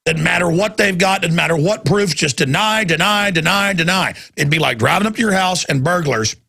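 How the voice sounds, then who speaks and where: A man's voice: sits high, brisk, vocal fry, pushed and bright, husky. A man hosting a talk radio show, delivering an impassioned, ranting monologue into a studio microphone, often repeating words.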